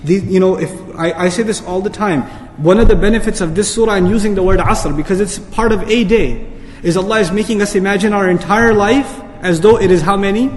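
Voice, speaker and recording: A man's voice: sits high, a little mellow, big-room sound, a little hiss or hum. A man giving an earnest sermon, asking the audience pointed rhetorical questions and pressing home his points. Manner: earnest, rhetorical questions, rising to emphatic peaks. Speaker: Islamic speaker.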